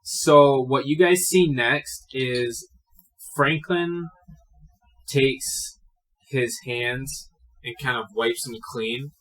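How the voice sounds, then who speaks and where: A man's voice: mid-range voice, extremely slow, a bit bright, poor audio. A young man narrating a tabletop game as game master, casual and profane. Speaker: dungeon master.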